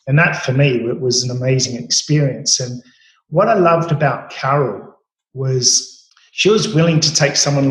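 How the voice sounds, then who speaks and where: A man in his late forties with an Australian accent, telling stories about his cooking career with many fillers and restarts. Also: medium pitch. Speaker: chef guest. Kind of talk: storytelling interview. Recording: roomy echo.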